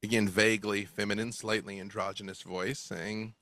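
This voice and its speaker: A man narrates a tabletop game as its game master over a video call, his voice lively and full of swings in pitch. The sound is bright and dry, close to the mic, as he pauses now and then to look up a rule. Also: no echo. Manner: explains rules, checks details aloud.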